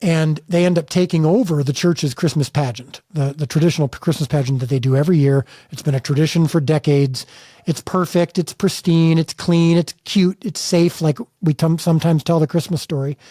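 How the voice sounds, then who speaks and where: A man's voice: a little high, steady tone, fairly quick, mellow, no room sound, studio quality. A middle-aged man from the United States, a filmmaker telling stories in a candid interview with emphatic, earnest restarts. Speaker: filmmaker guest.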